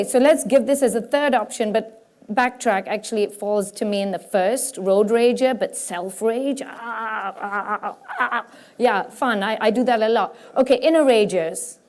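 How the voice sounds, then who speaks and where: A woman giving a lively, self-mocking talk from a stage to a live audience at a spiritual conference. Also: on the high side. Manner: animated, self-mocking, breaks into quick voices for examples. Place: stage before a large audience.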